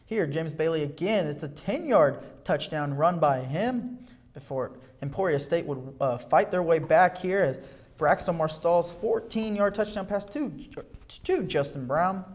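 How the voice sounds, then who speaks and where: A young man co-hosting a sports show, narrating football highlights with energy and quick self-corrections. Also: darkish tone. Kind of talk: highlight play-by-play commentary.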